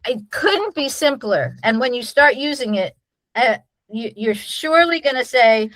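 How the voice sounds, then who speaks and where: A woman's voice: a little high, lively intonation, a little slow, a bit bright, no echo, low-quality recording. A middle-aged woman, a nurse-midwife, explaining a birth protocol in a conversational way, full of restarts and fillers.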